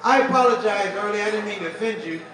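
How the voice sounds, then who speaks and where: A man's voice: high voice, racing, lightly acted. A man voicing an earnest, apologetic male doctor on a plane who keeps asking questions, heard far off in an echoing hall with an audience. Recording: echoey hall, distant mic, crowd.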